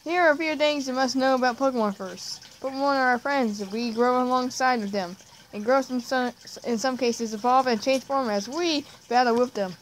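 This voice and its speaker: A woman voices the dialogue of an eager, welcoming male Pokemon professor at normal speed, staying plain and natural in a high-pitched voice. The recording is rough and carries slight background noise.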